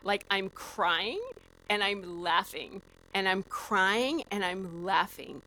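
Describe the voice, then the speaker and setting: A woman guest on a podcast, telling a story in a lively, animated way with lots of "like" fillers. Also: medium pitch, takes it slowly, a little hiss or hum, low-quality recording. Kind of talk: casual storytelling.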